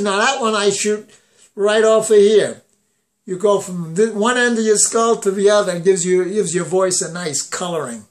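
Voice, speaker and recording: A man's voice: high voice, moderate pace. A man giving a voice lesson, explaining where he places the sound and breaking into sung phrases to demonstrate. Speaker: voice teacher.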